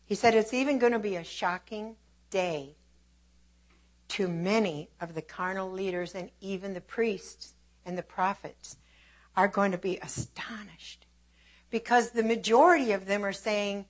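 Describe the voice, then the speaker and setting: A woman preaching a sermon with an opening prayer, fervent and emphatic, swinging between hushed and forceful delivery. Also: mid-range voice, unhurried.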